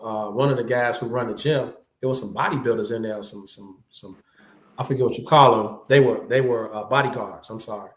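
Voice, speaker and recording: Slangy, animated storytelling man. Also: mid-range voice, reverberant. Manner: animated anecdotes, slangy, acts out quoted voices. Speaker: guest, martial artist. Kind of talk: casual storytelling chat.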